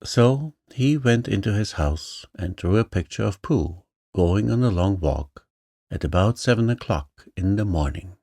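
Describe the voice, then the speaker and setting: Slow, gravelly-voiced man reading a bedtime story. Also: fairly low pitch, animated, no room sound, studio quality. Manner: slow, soothing and gentle. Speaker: audiobook narrator.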